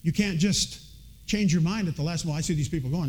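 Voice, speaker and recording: A high-voiced man preaches from the pulpit. He reads scripture earnestly and slips into homespun, folksy stories to make his point. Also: a little fast, darkish tone, low-quality recording. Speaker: pastor. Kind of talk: sermon.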